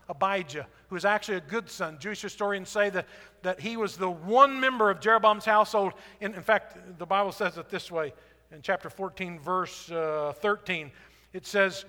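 Male preacher, sermon, conversational storytelling, high voice, long hall reverb. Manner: conversational, animated storytelling with asides.

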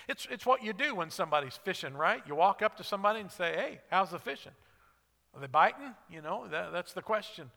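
A man's voice: sits high, bright, forceful tone, big-room sound. A man preaching a sermon, earnest and conversational, asking his listeners questions. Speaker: pastor.

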